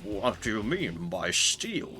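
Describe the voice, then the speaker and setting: A man voicing a thieving frog creature from a video game in a silly, slow, low put-on voice. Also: very animated, bright, forceful tone, soft background music, exaggerated voice. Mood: sheepish.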